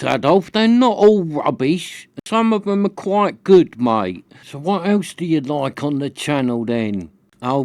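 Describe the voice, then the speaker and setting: Jokey man, fairly high voice. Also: dry recording. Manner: jokey, teasing mock phone-call banter. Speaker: camping vlogger. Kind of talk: casual vlog chat. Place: outdoors at a military show. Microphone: handheld camera.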